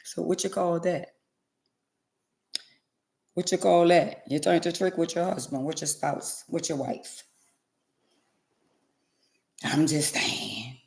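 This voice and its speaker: A woman, ranting bluntly and sassily to her livestream viewers and swinging between loud and quiet. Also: fairly low pitch, fairly even intonation, a little slow, vocal fry, pauses often. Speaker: livestream host. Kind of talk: casual livestream rant to viewers.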